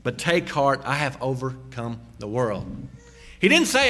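A man preaching a sermon, slowing down and dropping low on key phrases and rising sharply when he exhorts. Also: animated, pushed and bright. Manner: emphatic, slows and drops low on key phrases; rises sharply in pitch and volume when exhorting. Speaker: pastor.

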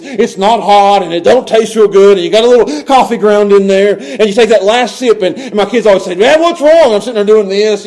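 Preaching a sermon, this middle-aged male pastor sinks into hushed, low tones before rising to loud, impassioned cries.

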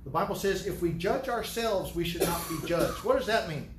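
A man's voice: high voice, animated, moderate pace, noisy background. A man, a pastor, giving an earnest, emphatic sermon and often restarting his sentences. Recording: roomy hall sound.

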